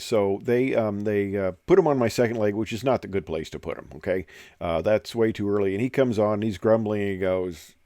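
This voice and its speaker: A man's voice: on the low side, a little mellow, dry recording, studio quality. An older man who flew as an airline captain tells stories from his career in a casual, rambling way, full of fillers and digressions. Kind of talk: casual storytelling.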